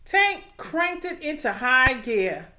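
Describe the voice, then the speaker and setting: A woman teacher reading a storybook aloud, with expressive, animated storytelling. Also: high-pitched, slow.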